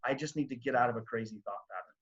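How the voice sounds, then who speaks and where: A man's voice: medium pitch, racing, fairly bright tone, husky. A man on a video-call panel, explaining practical steps in an instructive way. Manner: instructive, walks through steps one by one. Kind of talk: panel webinar advice. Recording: dull lo-fi video-call audio.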